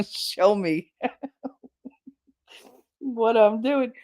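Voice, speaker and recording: A woman's voice: fairly low pitch, expressive, extremely slow, pauses often. A woman hosting a casual livestream, chatting with her viewers, laughing often and swearing casually. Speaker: livestream host.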